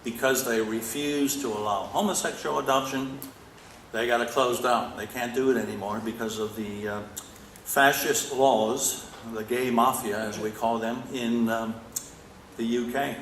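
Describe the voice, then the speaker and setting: A man's voice: mid-range voice, steady tone, a little slow, fairly bright tone. An Australian man giving an emphatic conference talk, often prodding the audience with "right?". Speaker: conference speaker. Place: conference hall. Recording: echoey hall with faint noise.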